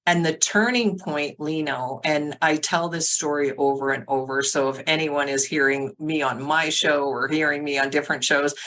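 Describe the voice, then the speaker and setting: A middle-aged woman, a sobriety coach, telling her story as a podcast guest in a lively way, acting out the voices of others and filling her talk with "like". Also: deep voice, moderate pace, few pauses, rough recording. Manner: animated, acts out quotes, many "like" fillers. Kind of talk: casual storytelling interview.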